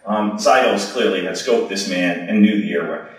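A man's voice: on the low side, moderate pace. A man giving a conversational medical lecture, telling stories in an informal way with plenty of fillers. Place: lecture hall. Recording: echoey hall from far off.

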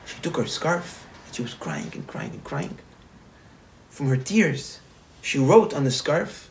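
A man, a rabbi, telling a parable in a sermon, animated, repeating phrases and restarting often. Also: medium pitch, a little slow, rough recording. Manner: animated, repetitive, frequent restarts. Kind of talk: storytelling sermon.

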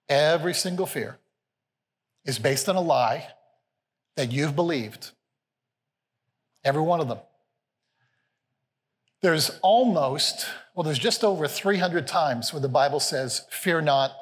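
A man, a senior pastor, delivering a sermon in an earnest, conversational way, repeating key phrases to drive them home. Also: fairly high pitch. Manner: earnest, conversational preaching with repetition. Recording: long reverb of a large hall.

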